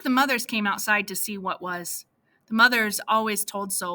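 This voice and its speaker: A woman narrating a first-person story for an audiobook in a plain, steady manner. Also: medium pitch, normal speed.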